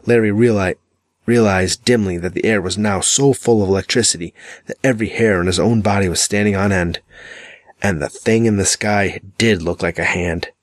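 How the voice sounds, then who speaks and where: A man narrating an audiobook in a measured, dramatic reading. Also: on the low side, dry recording. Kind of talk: scripted narration.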